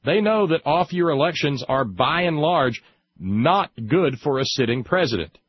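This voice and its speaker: A man hosting a political talk show, sarcastic and emphatic, slowing down to stress his points. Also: fairly high pitch, expressive, slightly rough, dry recording, lo-fi sound. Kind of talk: opinionated political commentary.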